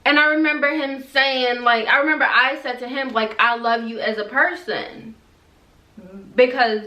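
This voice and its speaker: Young woman, high voice, casual storytime vlog, animated and exasperated, roomy echo, a bit off-mic. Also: normal speed, distant mic. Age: young adult. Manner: animated, exasperated retelling with quoted back-and-forth. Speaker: vlogger.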